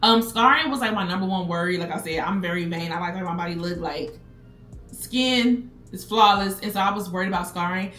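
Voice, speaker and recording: A woman's voice: on the low side, fairly quick, a bit bright, soft background music. Candid woman chatting in an echoey room. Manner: candid, chatty, frequent "like" fillers. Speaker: vlogger answering viewer questions. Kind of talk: casual chat.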